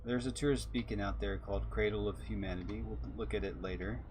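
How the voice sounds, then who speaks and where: A man's voice: fairly low pitch, fairly even intonation, fast talker, noisy background. A man from Texas, chatting and musing as he streams a space game live. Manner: musing, chatty, reads out chat. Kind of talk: live gameplay commentary.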